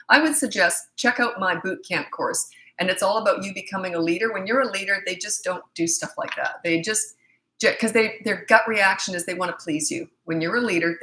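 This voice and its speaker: A woman's voice: medium pitch, sharp tone. A middle-aged woman parenting coach answering viewer questions in a live Q&A, blunt, confident and emphatic. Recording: echoey room.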